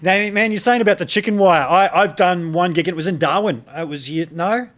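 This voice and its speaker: A man with an Australian accent hosts a relaxed podcast conversation. His voice sits a little high. He spins loose, anecdotal stories and chuckles along the way. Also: brisk. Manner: rambling anecdotal storyteller, chuckles often. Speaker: podcast host. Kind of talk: casual chat.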